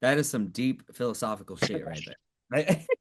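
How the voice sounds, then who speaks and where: A man's voice: mid-range voice, sing-song, moderate pace. Laid-back swearing man on a sports podcast. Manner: laid-back, swears casually, laughs often. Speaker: podcast co-host. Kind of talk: casual sports podcast chat.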